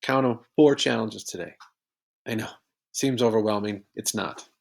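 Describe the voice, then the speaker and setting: A man's voice: fairly low pitch, normal speed, creaky. A man teaching a recorded poetry lesson, patiently explaining step by step with examples.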